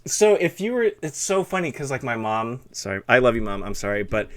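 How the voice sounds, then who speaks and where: A man's voice: mid-range voice, sing-song, a little fast, fairly bright tone. A man hosting a live stream, chatting in a rambling, casual way and reading chat aloud. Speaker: streamer host.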